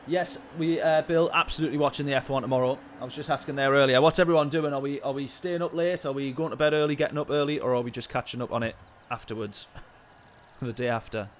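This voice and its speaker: A man commentating live on a sim-racing stream, chatting with viewers in his chat and getting excitable in the race. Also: medium pitch, quick pace, slight background noise. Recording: game music behind voice. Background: game music and car engine sounds.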